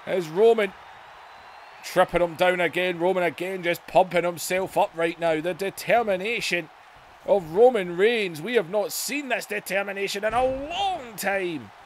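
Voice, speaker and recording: A man hosting a gaming video, giving excited wrestling-style play-by-play that bursts into shouts. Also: high-pitched, normal speed, a little hiss or hum. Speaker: YouTube gaming host.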